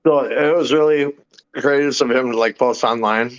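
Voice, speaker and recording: A man's voice: mid-range voice, steady tone, normal speed. Argumentative man, dull lo-fi sound. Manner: talks while eating, swears freely, argumentative. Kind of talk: casual chat.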